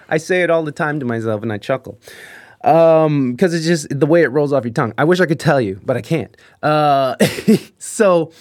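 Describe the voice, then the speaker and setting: A man tells rambling, profane stories about the people he deals with at work, often breaking into laughter. His voice sits fairly high for a man. The sound is dry and close, with no room echo. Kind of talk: casual storytelling.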